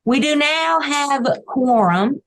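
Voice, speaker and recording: A woman taking the roll at a council meeting, reading names in a deliberate way. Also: high voice, expressive, poor audio. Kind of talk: roll call.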